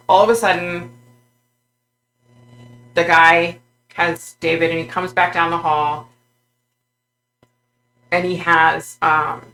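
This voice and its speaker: A woman vlogger tells of a psychic vision in a halting, filler-heavy way. Her voice sits a little low, with a gravelly, fry-laden edge and a sharp, tense brightness. A faint hum runs underneath. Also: rough recording. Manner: halting, full of fillers and restarts.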